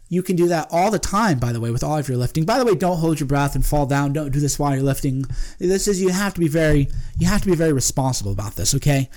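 A man's voice: on the high side, darkish tone. Emphatic man hosting a podcast. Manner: emphatic, self-interrupting, repeats phrases. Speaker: podcast host. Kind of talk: casual monologue.

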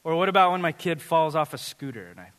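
Brief: pastor in his thirties, high, bright voice, echoing church hall. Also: quick pace. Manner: animated, humorous storytelling. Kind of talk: sermon. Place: church sanctuary.

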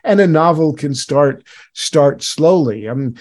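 A man's voice: on the high side, lively intonation, slow pace, a little mellow. Chatty, rambling male interview host. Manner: rambling, self-interrupting, many fillers and restarts. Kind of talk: casual interview chat.

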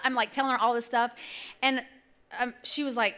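Middle-aged woman speaker, high bright voice, chatty sermon storytelling from the stage. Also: a little fast. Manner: chatty, rambling, self-correcting. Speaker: church speaker. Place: church stage.

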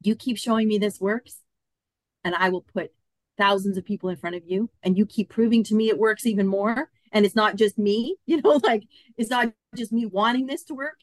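A woman's voice: mid-range voice, normal speed, no room sound. A woman in her fifties, a podcast guest telling a personal story and acting out the dialogue in it. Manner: animated, acts out quoted dialogue. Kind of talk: storytelling in an interview.

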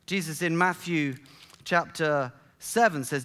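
High-voiced pastor preaching. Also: male voice, a bit bright. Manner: halting restarts, storytelling with emphatic build-ups. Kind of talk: sermon.

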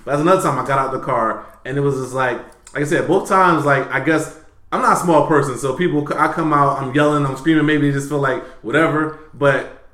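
A man with a slightly high voice tells a story in casual podcast chat. He is animated and profane, jumping from loud bursts to quiet mutters. The room around him is roomy and echoey. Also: a little fast. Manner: animated, profane, swings between loud and low. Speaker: podcast host.

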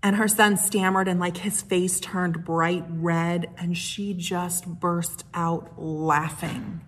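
A woman pastor giving a sermon, telling personal stories in a gentle, unhurried way with soft, hushed moments. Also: on the low side, little pitch movement.

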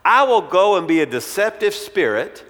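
Bir vaiz, hevesli ve sinsi, aldatıcı bir ruhu canlandıran bir adam. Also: male voice, high voice, sing-song, moderate pace, fairly bright tone, long reverb tail, pitched above the performer's own voice. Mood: scheming. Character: scheming deceptive spirit, male, eager.

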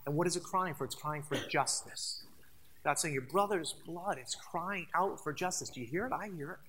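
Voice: mid-range voice, moderate pace, fairly bright tone, slight background noise. A pastor preaching a sermon, emphatic and conversational, talking straight to the congregation and repeating phrases for stress. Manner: addresses the congregation directly.

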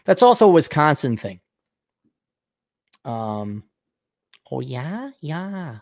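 A man's voice: medium pitch, darkish tone, no room sound, studio quality. A man hosting his own talk show, ranting sarcastically and profanely, rambling with frequent restarts. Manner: sarcastic, profane, mocking voices. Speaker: podcast host.

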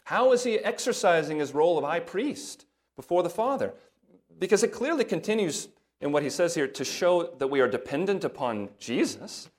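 A male pastor preaching a sermon, reading scripture aloud with rising emphasis and dropping into quieter asides. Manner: breaks into soft asides in a lower voice.

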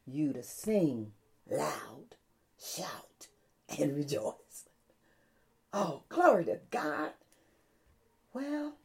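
Woman, preacher, sermon, loud cries and hushed whispers, slow delivery, lively pitch.

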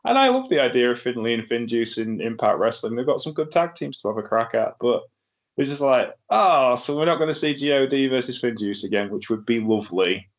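A man's voice: mid-range voice, animated, brisk. A man hosting a casual wrestling review chat, laughing often and sounding wry. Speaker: podcast host.

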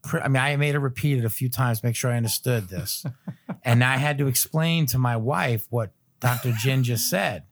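A man in his thirties, a podcast guest, telling a long personal story in a loose, animated way, full of fillers and little chuckles. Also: medium pitch, normal speed. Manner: loose filler-heavy phrasing. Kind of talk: casual storytelling chat.

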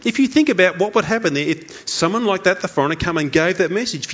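A man preaches, his slightly high voice rising and falling with animated swings. He drives each point home by repeating key lines. The recording sounds dull and lo-fi. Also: fast, few pauses, a little hiss or hum. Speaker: pastor. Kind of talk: sermon.

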